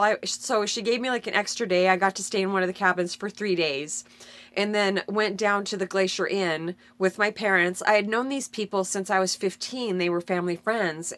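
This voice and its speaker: A woman's voice: mid-range voice, fairly bright tone, no echo. A middle-aged woman speaking in a medium voice, recounting a personal story with earnest, spiritual feeling. She rambles a little and often backtracks to correct herself. The recording is close and dry, with no room sound. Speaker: vlogger sharing a personal story.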